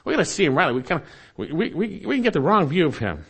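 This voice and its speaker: A man's voice: a little high, big pitch swings, very fast, a bit bright, slightly rough. A man preaching a sermon to his congregation, reading scripture aloud and earnestly repeating his key phrases. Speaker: pastor.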